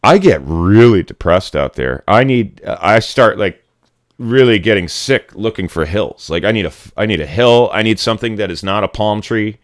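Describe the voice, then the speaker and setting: Blunt, ranting man with a low voice. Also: lively intonation, moderate pace, no room sound, studio quality. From Connecticut. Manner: blunt, rambling, profane ranting. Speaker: livestream host. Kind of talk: casual livestream chat.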